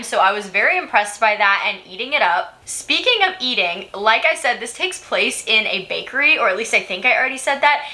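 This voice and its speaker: A young woman chatting casually in a book vlog, giggly and full of fillers, giving quick updates between reads. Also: medium pitch, pushed and bright. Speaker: book vlogger. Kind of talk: casual reading vlog chat. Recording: roomy echo.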